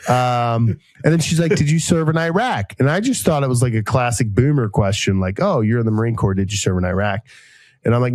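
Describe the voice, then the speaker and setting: A man in his thirties hosting a podcast, telling a long casual story and acting out each quoted voice with sudden jumps in pitch. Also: a little mellow, no room sound. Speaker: podcast host.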